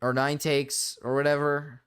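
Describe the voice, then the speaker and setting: A man's voice: fairly high pitch, level tone, measured pace, fairly bright tone, clean tone. A man streaming live, chatting casually in a rambling, blunt way, full of fillers and swearing. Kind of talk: casual livestream chat.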